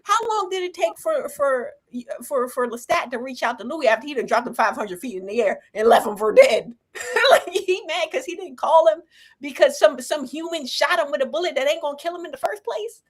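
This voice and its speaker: Woman co-host arguing hard, high voice, exasperated. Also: lively intonation, a little fast. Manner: chimes in with agreement, then argues heatedly. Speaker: podcast co-host. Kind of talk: casual review discussion.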